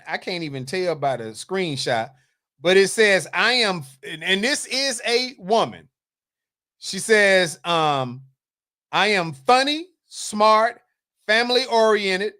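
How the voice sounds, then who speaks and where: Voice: medium pitch, a bit bright. Teasing host with a drawl. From North Carolina, US South. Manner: teasing, chatty, scolds and jokes with viewers. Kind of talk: livestream chat, reading viewer comments aloud.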